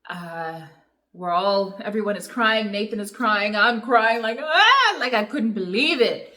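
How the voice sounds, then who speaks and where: A young adult woman telling a personal story in a reflective, emotional way, with many pauses, in a Q&A vlog. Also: mid-range voice, expressive, bright, forceful tone. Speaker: vlogger.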